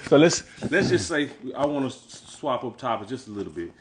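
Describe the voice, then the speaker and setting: A man with a middle-pitched voice hosting a laid-back interview. He talks in loose, slangy speech and often drops to a soft, low volume. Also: big pitch swings, fairly quick, background noise. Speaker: interview host. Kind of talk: casual interview chat.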